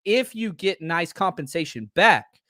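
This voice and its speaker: A man hosting a casual sports podcast live stream, animated and blunt, joking with his chat. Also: high-pitched, unhurried, dry recording, clean studio sound. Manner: animated, blunt, jokey, talks straight to chat. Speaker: podcast host.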